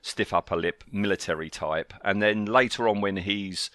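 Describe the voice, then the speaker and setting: A man's voice: lowish voice, normal speed, sharp tone, dry recording, clean studio sound. A man co-hosting a fan podcast, chatting with enthusiasm and restarting his sentences often. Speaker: podcast co-host. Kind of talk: casual fan discussion.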